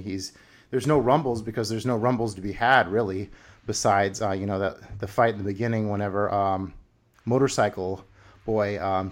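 A man with a fairly low voice chats casually about films as a podcast host. He rambles, circling back with "um" and "like" and restarting his sentences as he thinks aloud. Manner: rambling, full of fillers and restarts. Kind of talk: casual film discussion.

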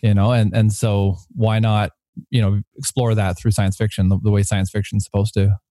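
Mellow-voiced man musing in a chat. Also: lowish voice, flat delivery, normal speed, no room sound, studio quality. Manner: thoughtful, stumbles and repeats words. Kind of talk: casual chat.

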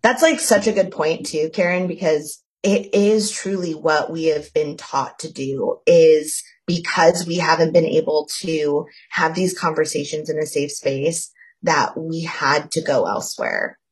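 Slow, husky-voiced woman co-host. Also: low-pitched. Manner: slow, deliberate and earnest. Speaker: podcast co-host. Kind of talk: casual faith-based podcast chat.

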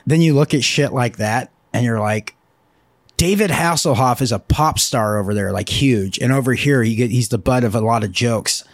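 A man's voice: medium pitch, normal speed, dry recording, studio quality. A man hosting a podcast in casual chat, rambling and swearing a lot, often breaking into laughter. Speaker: podcast host.

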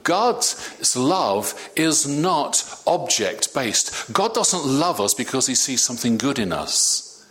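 A man preaching a sermon, animated, with many stammered restarts. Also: mid-range voice, slow.

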